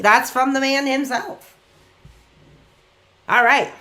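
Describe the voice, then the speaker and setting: With a very high-pitched voice, a forties-aged man chats while playing games on a live stream. He's excitable and rambling, easily getting worked up.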